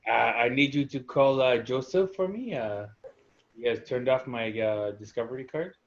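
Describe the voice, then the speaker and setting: A man's voice: medium pitch, highs cut off, natural voice. A man doing a pompous French vampire heir. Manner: halting, pompous, fake-French phrasing. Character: proud young male vampire heir, pompous.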